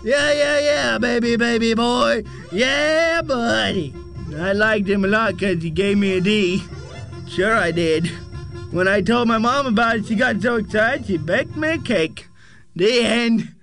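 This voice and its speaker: High-voiced man telling a deadpan joke. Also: a little slow, faint music behind. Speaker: storyteller. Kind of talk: short comic tale.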